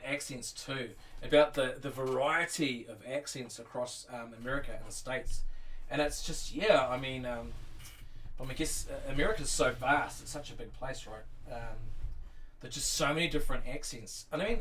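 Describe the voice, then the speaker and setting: A New Zealand man chatting loosely on a live stream, full of ums and restarts. His mid-pitched voice sits a little back from the mic. A faint hiss runs under the recording. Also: normal speed, a bit bright, far from the mic. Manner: rambling and friendly, many fillers and restarts, reads chat aloud. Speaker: Lego streamer. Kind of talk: casual live-stream chat. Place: home room full of Lego sets.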